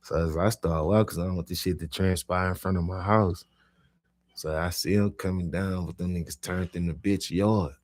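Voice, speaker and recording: A young man spins a rowdy, profane story in a deep, low register. His voice is husky and a little grainy. He drops to near mutters for asides, then bursts out loud and animated at the big moments. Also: normal speed, no room sound. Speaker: podcast storyteller.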